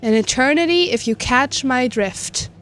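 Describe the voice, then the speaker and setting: A woman's voice: sits high, expressive, measured pace, a bit bright. A woman reading as a sly narrator voice. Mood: teasing. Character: teasing, well-spoken unseen narrator voice in your head. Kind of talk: reading a dating game's text aloud.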